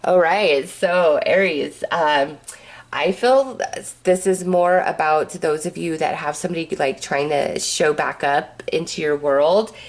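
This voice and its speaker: A woman talks through a tarot reading in a loose, chatty way, looping back on herself and filling pauses. Her voice sits a little on the low side. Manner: chatty, rambling, full of fillers. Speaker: tarot reader. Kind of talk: casual tarot reading monologue.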